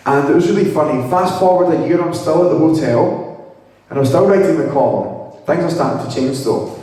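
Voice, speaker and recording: Young male storyteller, humorous and lively, heard from far off in a reverberant hall. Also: on the high side, fairly quick. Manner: lively, humorous, acts out quoted dialogue. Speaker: speaker telling his story to an audience. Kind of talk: storytelling talk. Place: hall with audience.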